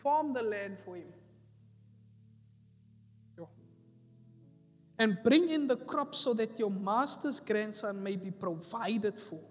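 A man's voice: high voice, takes it slowly, long pauses, fairly bright tone. A man preaching a sermon, repeating his key phrases with rising emphasis. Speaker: pastor. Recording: echoey hall with faint music.

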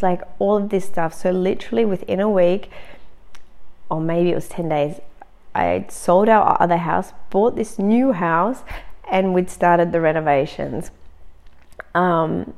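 A woman telling a personal story in an animated, conversational way, with frequent fillers and sudden emphatic bursts. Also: lowish voice, creaky. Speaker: motivational speaker on manifesting.

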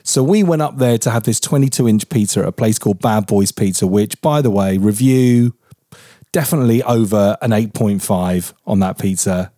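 Forties English podcast co-host, warm low-bright tone, swears and laughs through stories. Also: male voice, moderate pace, no echo, clean studio sound. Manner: lively, laughing, swears freely. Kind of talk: casual chat.

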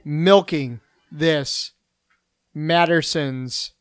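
A man's voice: a little high, fairly even intonation, very slow, clean tone, no echo, clean studio sound. A man hosting a casual chat among friends, teasing and joking as he leads the talk. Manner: teasing, jokey. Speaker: podcast host.

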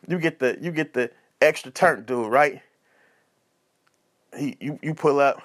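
A man hosting a podcast, giving casual comedic advice in an animated, repetitive, slangy way. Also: medium pitch, a little slow. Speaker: podcast host.

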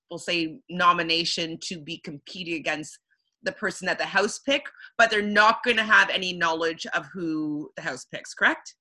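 A woman's voice: on the low side, pushed and bright. A young woman from Canada, co-hosting a casual podcast chat, talking loosely with many ums and likes and laughing often. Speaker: podcast co-host. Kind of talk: casual chat recapping a reality show.

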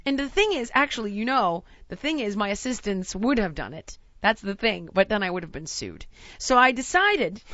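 Woman, 40s, higher voice, animated comic storyteller, dry and slightly dull sound. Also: dry recording. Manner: animated, self-mocking, acts out quotes. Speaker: host. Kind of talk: comedic storytelling monologue.

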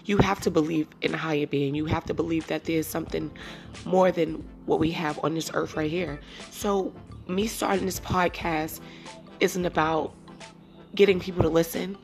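A woman's voice: deep voice, steady tone, normal speed, vocal fry, darkish tone, faint music behind. A woman in her thirties hosting a casual solo podcast, talking candidly and rambling, sometimes teary and emotional. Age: 30s. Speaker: podcast host.

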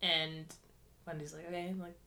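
A woman's voice: sits low, flat delivery, moderate pace, creaky, sharp tone. A woman co-hosting a podcast in casual chat, chiming in with short, blunt remarks. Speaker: podcast co-host.

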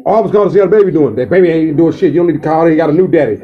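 A man telling stories in a casual chat, loud and animated, acting out the voices of the people in them. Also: high voice, rapid-fire, few pauses, muffled recording. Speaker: storyteller in a casual conversation.

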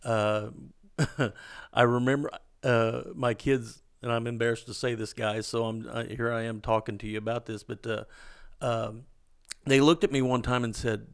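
A middle-aged father co-hosting a casual devotional chat, talking in a halting way with lots of fillers and self-deprecating asides. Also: medium pitch, little pitch movement, smooth, no echo, clean studio sound. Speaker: podcast co-host.

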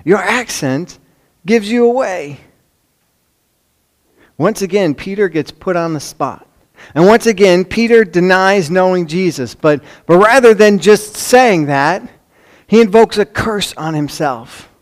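A man with a Chicago accent preaching a sermon, swinging from loud emphasis to hushed lines, with conversational asides and rhetorical questions. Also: high voice, animated, a little slow. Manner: dramatic swings between loud emphasis and hushed near-whispers. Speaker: pastor.

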